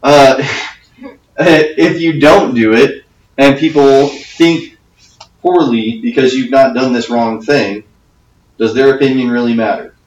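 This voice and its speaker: A man's voice: mid-range voice, slow. A man as youth pastor giving a conversational talk to teens, often checking in with "okay?". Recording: echoey room, from a distance.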